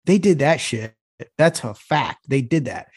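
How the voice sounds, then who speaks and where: A man's voice: medium pitch, lively intonation, unhurried, breathy edge. A man co-hosting a podcast in casual banter, telling rambling stories full of swearing. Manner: rambling storyteller, heavy swearing, says "bro". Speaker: podcast co-host.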